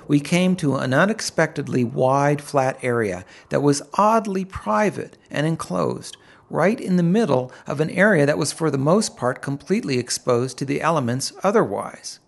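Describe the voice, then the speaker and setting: Middle-aged male audiobook narrator, slightly high, gravelly texture, unhurried descriptive read. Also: expressive. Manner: vivid, unhurried, descriptive storytelling. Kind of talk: first-person audiobook narration.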